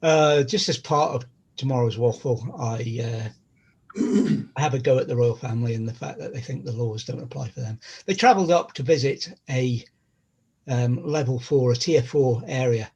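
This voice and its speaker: Husky-voiced man, chatty. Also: medium pitch, normal speed, a little mellow, highs cut off. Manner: rambling, chatty storyteller. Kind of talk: casual chat.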